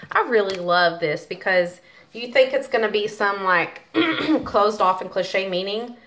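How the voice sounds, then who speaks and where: A woman's voice: mid-range voice, fairly bright tone. A woman giving a casual tarot reading who chats directly to viewers and reads card passages aloud. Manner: chatty, talks directly to viewers.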